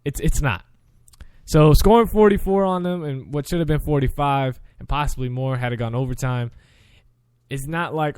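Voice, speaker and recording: A young man hosts a sports show and works through his weekly picks in a loose, chatty way, stumbling and correcting himself as he goes. His voice sits a little high and comes through smooth. The sound is close and dry. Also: normal speed, darkish tone, dry recording. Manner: chatty, self-correcting, frequent restarts. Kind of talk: casual sports picks commentary.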